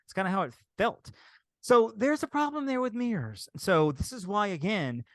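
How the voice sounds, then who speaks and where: A man's voice: high-pitched, normal speed, no echo. A man co-hosting a podcast, telling a story in casual chat and acting out what he and others said. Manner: animated storytelling, acts out his own quotes. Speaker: podcast co-host.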